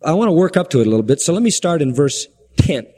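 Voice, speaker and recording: A man preaching a sermon with emphasis, firing rhetorical questions and shifting his pace from slow to quick. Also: fairly high pitch, big pitch swings, darkish tone, slightly rough, in a large hall, soft background music.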